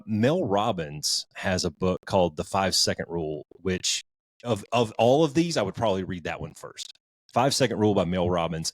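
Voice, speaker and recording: A man's voice: on the low side, no room sound. A man co-hosting a podcast, chatting casually and rambling through book recommendations with restarts and mild swearing. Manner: rambling, frequent restarts, informal and a bit profane. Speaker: podcast co-host.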